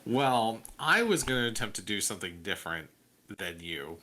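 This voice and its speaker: A man in his thirties co-hosts a podcast, rambling through casual chat with plenty of fillers and restarts. His voice sits somewhat low, with a very bright tone. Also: very animated, moderate pace, a little hiss or hum. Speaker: podcast co-host.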